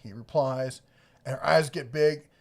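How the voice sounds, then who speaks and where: Speaking at a measured pace with a creaky, mid-range voice, this middle-aged man co-hosts a laid-back livestream from his home. He shares family stories, reads comments from viewers, and chuckles frequently.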